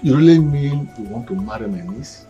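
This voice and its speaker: An actor playing a pleased middle-aged uncle blessing a marriage, genial and chuckling, with music behind. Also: male voice, mid-range voice, lively intonation, moderate pace, muffled recording, natural voice. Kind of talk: film drama acting.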